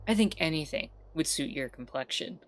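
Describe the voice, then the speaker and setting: A woman voicing a curious frog detective who asks quick questions. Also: low-pitched, lively intonation, noisy background.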